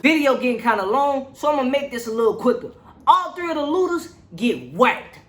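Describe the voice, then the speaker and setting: A movie reviewer recapping a film's plot in a casual, slangy, animated storytelling way. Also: high-pitched, fairly quick, a little hiss or hum. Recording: roomy echo.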